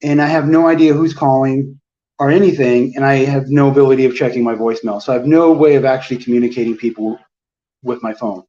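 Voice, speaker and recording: A man's voice: mid-range voice, fairly even intonation, fast, mellow. A man telling a long, exasperated story in casual chat, acting out everyone in it. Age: adult, with a phone plan since the early 2000s. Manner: rambling, exasperated, quotes people in his story. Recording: roomy, distant, dull lo-fi sound.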